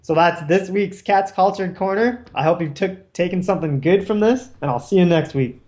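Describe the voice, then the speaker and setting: A man's voice: high voice, normal speed, darkish tone. A man with a New York accent co-hosting a gaming podcast, rambling through a joking culture segment. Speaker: podcast co-host. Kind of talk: casual chat.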